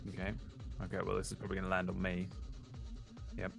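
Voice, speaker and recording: A man's voice: low voice, completely flat delivery, fast talker, vocal fry, faint music behind. A man playing a tabletop role-playing game, casually describing his character's actions and laughing. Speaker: player. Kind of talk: tabletop role-play chat.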